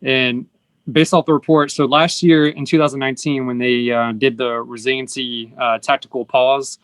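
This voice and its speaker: A man's voice: mid-range voice, little pitch movement, moderate pace, no echo. A man hosting an interview, explaining earnestly and acting out the lines people say. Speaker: host. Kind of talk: casual conversational interview.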